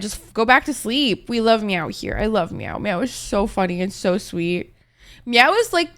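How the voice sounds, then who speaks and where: A woman's voice: fairly high pitch, fairly bright tone. A young woman streaming and chatting with her viewers in a casual, dramatic way, swearing freely; she is tired and a little congested.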